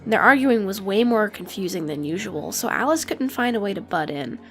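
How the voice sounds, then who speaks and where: Expressive woman narrating an audiobook. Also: medium pitch, moderate pace, soft background music. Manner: expressive storytelling.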